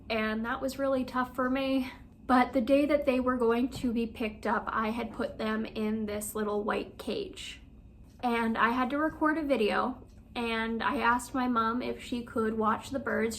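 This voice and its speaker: A young woman talks straight to her viewers in a personal vlog, shaken and close to tears as she speaks quickly. Her voice sits a little high. A faint hiss of background noise runs under the recording. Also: a bit bright. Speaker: vlogger.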